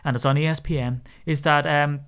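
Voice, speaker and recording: A man with an Irish accent hosting a sports podcast, chatting casually about his team with wry asides and now and then a mock shout. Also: fairly high pitch, fairly even intonation, fairly quick, smooth. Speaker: podcast host.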